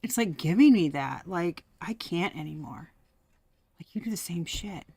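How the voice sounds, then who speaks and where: A woman's voice: lowish voice, lively intonation, normal speed, darkish tone, slightly rough, dry recording. A woman giving a casual tarot reading, chatty and profane, laughing often and sometimes dropping to a whisper. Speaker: tarot reader.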